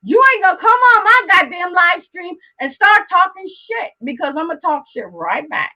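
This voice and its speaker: A woman's voice: extremely high pitch, sing-song, moderate pace, sharp tone, poor audio. A woman hosting her own live stream, talking casually to viewers and ranting heatedly at one of them, swearing a lot and repeating herself for emphasis.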